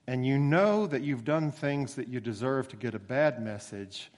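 A male preacher tells his sermon like a story, casual and unhurried, then slows right down to lean on the words that matter. His voice rings out with a long echo, as if from a big church hall, and sits at an ordinary middle pitch for a man. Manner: conversational storytelling with emphatic slowed phrases.

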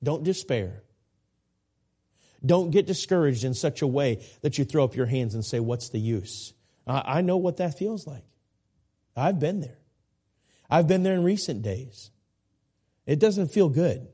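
Guest preaching a sermon, a man in his 40s speaks with a high-leaning voice that is dark in tone and husky. He's animated yet measured in pace, pausing often, and comes across as earnest and repetitive, with folksy asides and jokes at his own expense.

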